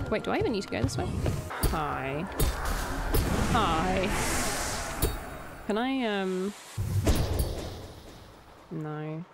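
High, lively woman reacting to gameplay. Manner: reactive, exclaiming and swearing under pressure. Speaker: let's play gamer. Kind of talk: live gameplay commentary.

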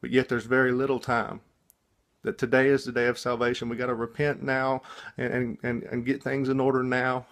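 A man shares a dream in a relaxed, unscripted way, still freshly awake. He talks at a medium pitch and keeps restarting his sentences, repeating small words as he searches for what to say. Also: brisk. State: just woken up. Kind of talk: casual spoken testimony.

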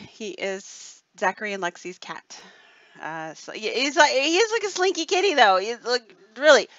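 A woman's voice: medium pitch, sharp tone, dry recording. A woman hosting a live stream in casual chat, rambling and reading viewer comments, often checking in with "okay?". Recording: dull lo-fi dry sound.

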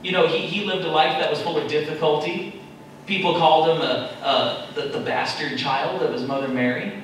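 A man's voice: on the high side, steady tone, normal speed, fairly bright tone, slight background noise. A male pastor preaching a sermon, acting out prayers in a raised, pleading voice. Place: church sanctuary. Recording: echoey church hall, mic at a distance.

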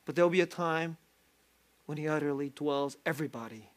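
Male pastor preaching, high voice, lively, self-deprecating, frequent laughter. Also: a little fast. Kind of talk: sermon. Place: church sanctuary.

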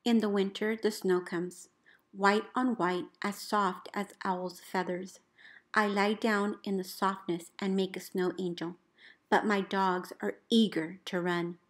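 A woman, a teacher, reading a picture book aloud in an expressive storybook voice, calling out the commands with gusto. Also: mid-range voice, a little slow. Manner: expressive, calls out dog commands loudly.

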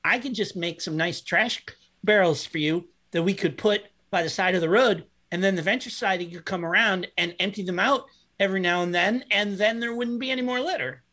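A woman playing a tabletop game, speaking in a practical, lively way. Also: mid-range voice, a little fast. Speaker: player.

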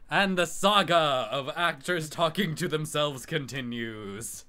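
A man's voice: fairly high pitch, slow pace, pushed and bright. A laid-back man voice actor chatting between takes with short, easygoing replies. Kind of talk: casual chat while recording a fan dub.

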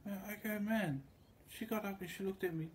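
A male vlogger with a high voice talks fairly quickly over slight background noise. His story is casual, crude and rambling, and he acts out the others involved by quoting them in their own voices.

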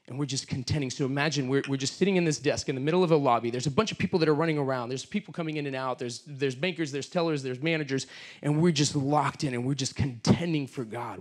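A middle-aged man, a guest speaker, telling a story and leading an earnest prayer in a sermon. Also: mid-range voice. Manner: earnest, storytelling with quoted voices, fervent prayer.

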